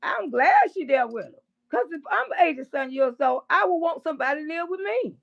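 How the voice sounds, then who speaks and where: A woman doing casual livestream commentary, blunt and profane, with loud bursts of laughter. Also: high-pitched, expressive, fairly quick, gravelly, lo-fi sound.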